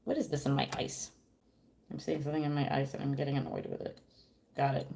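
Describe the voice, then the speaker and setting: A woman's voice: rumbling low, flat delivery, quick pace, vocal fry, dark tone. A woman in her thirties chatting casually on a livestream, telling a rambling, profane story and answering viewers. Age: 30s. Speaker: streamer.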